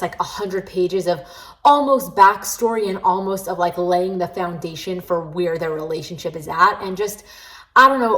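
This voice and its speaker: A woman hosts a casual book vlog at a middling pitch. She rambles in a chatty way, full of "like" and "basically", and speaks her criticism frankly. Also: fairly bright tone, rough recording. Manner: chatty and candid, with many "like" fillers. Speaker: book vlogger, host. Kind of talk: casual reading-vlog chat.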